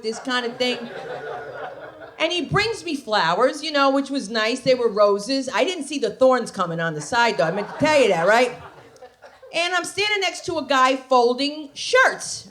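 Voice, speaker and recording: A woman's voice: sits high, fairly bright tone. A woman comedian performing a stand-up set on a comedy club stage, sassy and conversational with punchy delivery.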